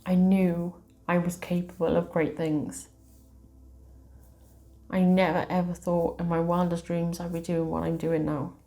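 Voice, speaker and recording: A woman, a tarot reader hosting her channel, telling a personal story to camera in a soft, slow, heartfelt way. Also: on the low side, little pitch movement, faint music behind.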